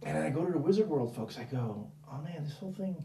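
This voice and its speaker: A man's voice: a little high, quick pace, vocal fry, a little hiss or hum. A man telling a long anecdote as an interview guest, acting out the other people's lines in quoted voices and rambling with restarts. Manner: animated, acts out dialogue in quoted voices; rambling with frequent restarts and fillers. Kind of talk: casual anecdote storytelling. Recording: roomy sound from a distant mic.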